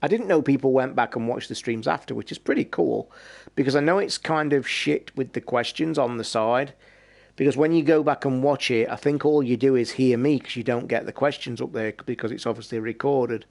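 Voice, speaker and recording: A man's voice: medium pitch, fairly quick, gravelly, a little mellow. A tired British man chatting casually and rambling, with occasional swearing, as he wraps up his game live stream. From Britain.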